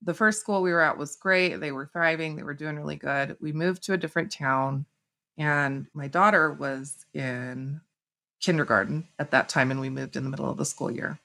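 A middle-aged woman telling personal stories in conversation, lively, acting out what people said. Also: sits low, normal speed, vocal fry. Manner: animated, acts out quoted speech. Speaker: guest author. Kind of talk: conversational storytelling.

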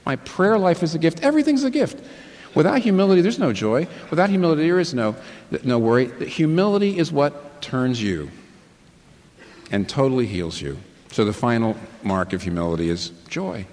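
A man's voice: medium pitch, animated, normal speed, darkish tone. Man preaching in a reverberant hall. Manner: preaching with rhetorical questions, swelling emphasis. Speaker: pastor. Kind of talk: sermon.

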